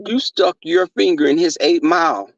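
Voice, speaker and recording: A man's voice: a little high, normal speed, vocal fry, no room sound. A man in his twenties hosting a casual livestream, telling a profane, gossipy story and answering chat. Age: 20s. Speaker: livestream host reading chat. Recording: dull lo-fi dry sound.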